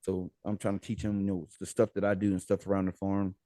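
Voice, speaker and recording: Lively low-voiced American man telling a story. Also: fast talker, no echo. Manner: animated, laughing, retells with quoted dialogue. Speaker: podcast guest. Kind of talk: casual storytelling.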